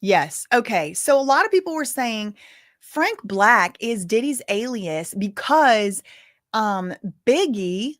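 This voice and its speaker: A woman's voice: fairly high pitch, very animated, slow pace, a bit bright, no room sound, studio quality. A woman hosting a live news commentary stream, reading updates and adding casual, rambling asides.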